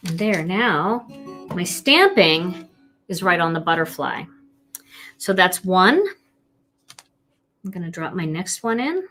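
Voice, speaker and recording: A woman's voice: fairly low pitch, sing-song, slow pace, long pauses, a bit bright, faint music behind. A woman teaching card stamping on a live stream, chatty and playful as she talks viewers through each step. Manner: chatty and playful, talking to viewers while working. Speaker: card-making instructor.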